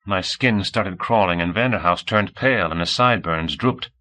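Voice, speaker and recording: Man reading a novel aloud, lowish voice but sharp and bright, steady pace. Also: normal speed, hardly any pauses, rough recording. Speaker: audiobook narrator. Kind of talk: scripted narration.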